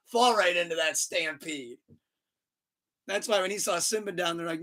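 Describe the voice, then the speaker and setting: A bright, forceful male voice pitched a bit high, hosting a casual podcast. He tells stories with animated energy and profanity, and laughs often. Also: normal speed, pauses often. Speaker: podcast host.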